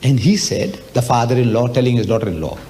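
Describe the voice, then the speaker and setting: A man's voice: medium pitch, fast talker, dark tone. An older man from Africa, giving an emphatic religious lecture and asking the audience rhetorical questions. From South Africa. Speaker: Islamic lecturer.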